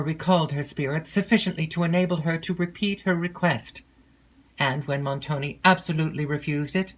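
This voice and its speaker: A woman narrating a classic gothic novel in an unhurried, measured storytelling voice. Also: low voice, poor audio. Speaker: audiobook narrator.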